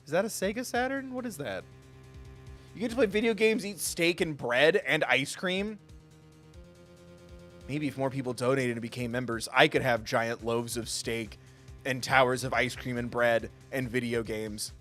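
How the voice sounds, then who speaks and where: A man's voice: mid-range voice, normal speed, a bit bright, soft background music. A young adult man streaming a game, joking playfully with chat in a casual way.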